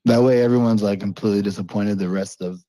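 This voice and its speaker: A man's voice: on the low side, fairly even intonation, fast talker, warm tone, no echo, poor audio. A man co-hosting a casual podcast, rambling with many fillers. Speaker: podcast co-host. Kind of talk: casual panel chat.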